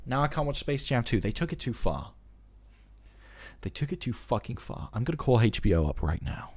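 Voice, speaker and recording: Male streamer, ranting and profane, lively swinging pitch, mid voice. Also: a little fast, slightly rough. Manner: profane, ranting, mock-outraged. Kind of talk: casual stream chat.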